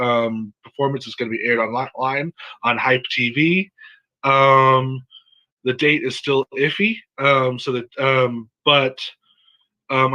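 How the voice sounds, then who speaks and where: A man from San Diego doing a stand-up set, telling jokes and a story in a deadpan way. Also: medium pitch, muffled recording. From San Diego, USA. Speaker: stand-up comic.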